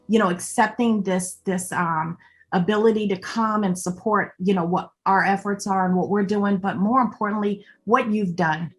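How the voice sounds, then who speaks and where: A woman's voice: medium pitch, a bit bright. A woman co-hosting a live online show, giving an earnest, rambling thank-you full of "um"s and repeated phrases. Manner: earnest, repeats "more importantly", many "um"s. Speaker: co-host. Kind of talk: heartfelt closing thanks on a live video show.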